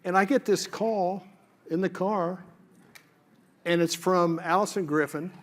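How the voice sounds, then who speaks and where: A man with a voice a little above the usual pitch tells his personal testimony. He speaks in a conversational way and pauses often as he recalls what happened. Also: fairly even intonation. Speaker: guest telling a testimony.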